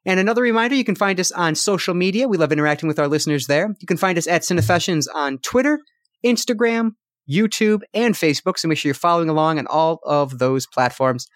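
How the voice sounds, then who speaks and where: A man with a high, light voice wraps up a film podcast in a brisk, upbeat way. He runs through reminders and plugs like a seasoned host. The sound is close and dry, with almost no room around it. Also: lively intonation, dry recording.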